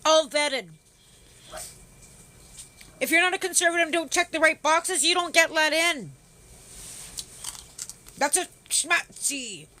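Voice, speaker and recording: Bright, foul-mouthed woman ranting. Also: high-pitched, takes it slowly, long pauses. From Canada. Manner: profane, sarcastic, heavy swearing, greets viewers. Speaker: livestream host. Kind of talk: casual ranting livestream chat.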